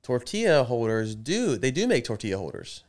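A man's voice: medium pitch, very animated, moderate pace, darkish tone. A man co-hosting a casual podcast chat, teasing and telling rambling stories. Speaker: podcast co-host.

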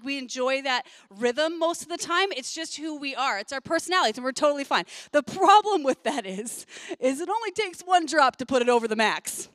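Lady pastor in her 40s, high clear voice, chatty and laughing a lot, dry close sound. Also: bright, forceful tone, no room sound. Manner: chatty, laughs often, talks in quick asides. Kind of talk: sermon with a personal story.

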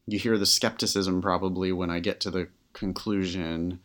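A man's voice: sits low, fairly even intonation, moderate pace, fairly bright tone. A man co-hosting a podcast as a test-prep tutor, talking candidly and animatedly with plenty of filler words. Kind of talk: casual podcast conversation.

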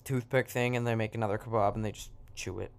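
A man's voice: on the low side, steady tone, quick pace, creaky, clean tone. A man improvising a silly story in an offhand, joking way, breaking off into asides.

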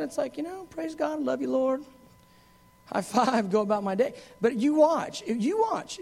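A man preaching a sermon in an animated, conversational way, with frequent asides and acted quotes. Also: high voice, vocal fry.

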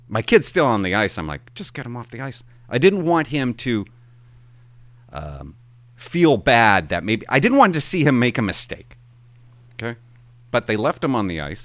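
A middle-aged man tells a casual, rambling story, his pitch leaping up and dropping low as he gets carried along. He swears for emphasis and backtracks as he talks. The sound is dry and close, with no room echo. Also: a bit bright. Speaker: hockey parent.

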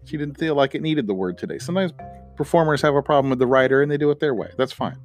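A man's voice: mid-range voice, lively intonation, very fast, faint music behind. A middle-aged man hosting a podcast, wrapping up in a casual, rambling way with lots of fillers and playful rhymes. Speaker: podcast host.

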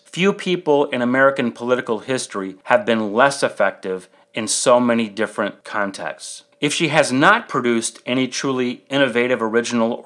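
A man hosting a podcast, reading prepared political commentary in an emphatic, measured way with rhetorical questions. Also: mid-range voice, fairly bright tone. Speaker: podcast host.

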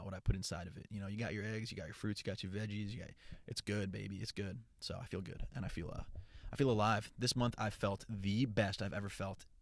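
Young man, casual chat, rambling, profane, upbeat, low voice, dry close sound. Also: no room sound. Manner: rambling and profane, with frequent restarts; upbeat and earnest. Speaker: content creator.

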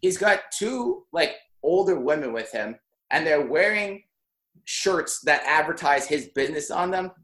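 A man's voice: fairly high pitch, expressive, a little slow, a bit bright. A young man telling a long anecdote in casual podcast chat, full of "like" and laughing through it. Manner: rambling, heavy on "like", laughs mid-story.

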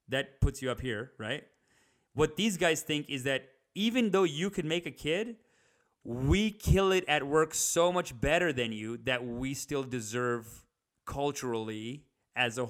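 A young man riffing in a comedic rant, animated, slipping into higher mocking impressions.

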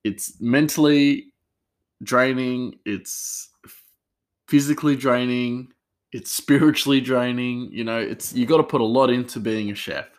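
A chef tells casual work stories in a rambling manner, with plenty of fillers and restarts. His voice is mid-range and his pace measured.

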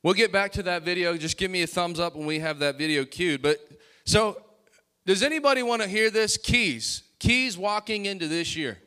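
A man preaching a sermon as pastor, calling out to the congregation and building to loud, emphatic bursts. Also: high-pitched, animated, moderate pace, clear, resonant tone.

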